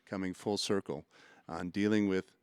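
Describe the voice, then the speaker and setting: Low-voiced man closing a faith podcast. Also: steady tone, moderate pace, a little mellow, clean tone, dry recording. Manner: encouraging, reflective wrap-up. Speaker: podcast host. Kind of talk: faith-based podcast interview. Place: museum.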